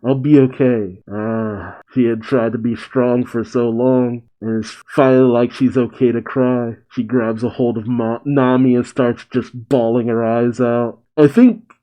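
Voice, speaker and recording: Mellow-voiced man reading manga aloud. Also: medium pitch, little pitch movement, unhurried, highs cut off. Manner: reads aloud, acts the characters, laughs often. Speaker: manga reaction host. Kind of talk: reading a comic aloud with commentary.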